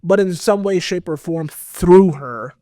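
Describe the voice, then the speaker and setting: Animated man telling a story, dry sound. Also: high-pitched, unhurried, no room sound. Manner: animated, expressive, full of fillers. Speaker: podcast guest, metal vocalist. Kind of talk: casual storytelling.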